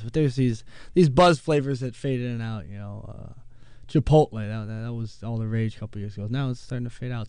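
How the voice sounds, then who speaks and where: A man's voice: mid-range voice, gravelly, a little mellow, clean tone, no room sound. A man hosting a show in a casual, rambling monologue full of fillers and asides. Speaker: host.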